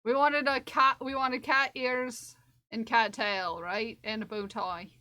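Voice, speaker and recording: A woman's voice: fairly high pitch, fairly even intonation, slow, sharp tone. A woman streamer chatting casually while crocheting, repeating her own phrases to herself as she works.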